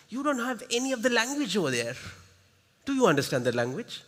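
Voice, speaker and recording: Lively Sri man in a hall. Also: sits high. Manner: lively, coaxes the audience, quick rhetorical questions. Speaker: workshop facilitator. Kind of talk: interactive workshop talk. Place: large conference hall. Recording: reverberant hall.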